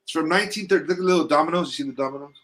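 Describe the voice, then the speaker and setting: A man's voice: fairly high pitch, rapid-fire. Rambling, profane man hosting a live stream. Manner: loose, profane, rambling shout-outs. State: stuffy from allergies. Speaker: host. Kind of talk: casual live-stream chat.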